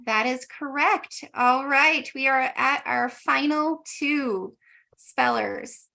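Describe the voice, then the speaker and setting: A woman moderating a spelling bee over a video call, giving brisk, matter-of-fact rulings. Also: high voice, gravelly, sharp tone. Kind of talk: running a live online contest.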